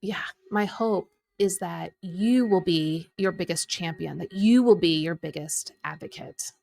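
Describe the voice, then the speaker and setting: A middle-aged woman speaks as a coaching podcast host. She tells her story with animated energy, slipping into the voices of people she quotes. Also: fairly low pitch, unhurried, vocal fry. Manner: animated, acts out quoted speech, filler-heavy. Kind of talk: coaching conversation, personal storytelling.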